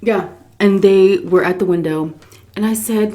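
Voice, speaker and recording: A woman telling a long story casually while eating on camera, animated, often jumping into high voices for quotes and dropping to soft whispers between bites. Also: unhurried. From Texas. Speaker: mukbang storyteller.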